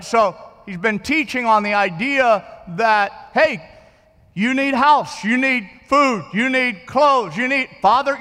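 A man with a very high, bright voice preaches a sermon. He talks to his listeners conversationally, doubling back on words and often asking whether they are following. A long reverb hangs behind him in a church hall. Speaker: pastor.

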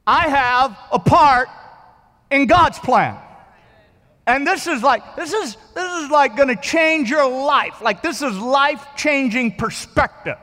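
High-voiced man preaching in an echoing church. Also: sharp tone. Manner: conversational, repeats words and checks in with listeners. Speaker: pastor. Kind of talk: sermon.

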